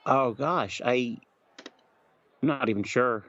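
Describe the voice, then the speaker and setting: A man's voice: mid-range voice, a bit bright, voice pushed down. A man, the game master, voicing a flustered, evasive young female innkeeper who hesitates and stumbles over her words. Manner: hesitant, halting, full of ums. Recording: dull, dry recording.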